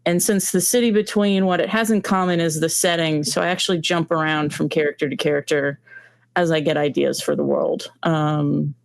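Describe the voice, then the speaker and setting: A woman's voice: deep voice, steady tone, moderate pace, vocal fry, no room sound, studio quality. A woman being interviewed as a comic book creator, explaining her work in a hesitant way with many ums. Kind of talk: casual interview talk.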